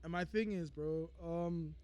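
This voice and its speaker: A man's voice: fairly high pitch, a little slow, a little mellow, smooth. A man from Lesotho, a musician guest on a podcast, talking in a laid-back, slangy way and often repeating himself. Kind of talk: casual chat.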